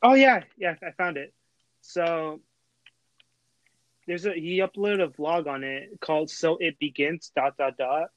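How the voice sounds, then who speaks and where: A man's voice: fairly high pitch, fairly even intonation, measured pace, long pauses, no room sound, highs cut off. A young man from Texas, hosting a casual chat and telling a long, rambling story full of fillers and restarts. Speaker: host.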